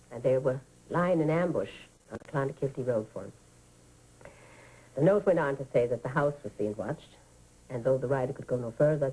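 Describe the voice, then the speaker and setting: A woman's voice: sits low, mellow, breathy edge, low-quality recording. A woman playing an elderly woman who tells a childhood tale to children in a radio drama, talking fondly and vividly, sighing as she goes. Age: older. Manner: fond, vivid storytelling with sighs. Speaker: storyteller.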